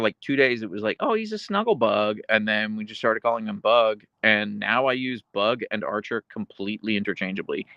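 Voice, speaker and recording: Lively, bright-voiced man chatting on stream. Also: lowish voice, no echo, highs cut off. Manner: rambling and chatty, with many fillers and self-corrections. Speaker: livestream host reading chat. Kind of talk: casual livestream chat.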